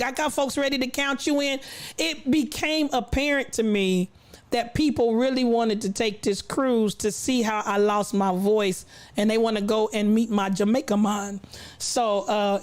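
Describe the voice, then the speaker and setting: A woman hosting a casual livestream, bantering with her chat in a playful, churchy cadence and laughing often. Her voice sits a little high for a woman and sounds slightly worn, as if she is getting it back after losing it. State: recovering voice, coughing. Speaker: livestream host.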